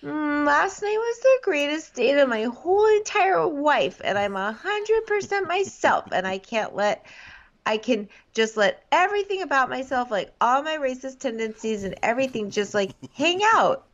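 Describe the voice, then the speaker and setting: A woman's voice: sing-song, normal speed, lo-fi sound. A woman mockingly voicing a grown man who slips into baby talk. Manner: high babyish mocking voice.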